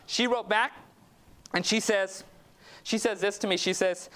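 A man's voice: high-pitched, fairly even intonation, measured pace, pauses often, a bit bright, slight background noise. A male preacher telling a personal story in a sermon, chatty and anecdotal, often checking in with "okay?". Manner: anecdotal, conversational, with frequent "okay?" asides.

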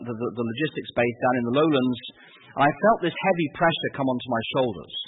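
An Englishman telling a personal story in a halting, vivid way, with many fillers and restarts. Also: mid-range voice, slight background noise. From England. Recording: tinny phone-like radio sound.

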